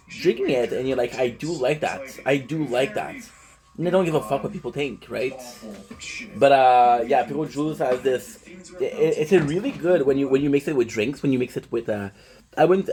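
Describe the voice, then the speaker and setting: A man's voice: mid-range voice, darkish tone, low-quality recording. Man rambling through a casual live stream. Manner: rambling, chatty, swears freely, greets viewers. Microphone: phone.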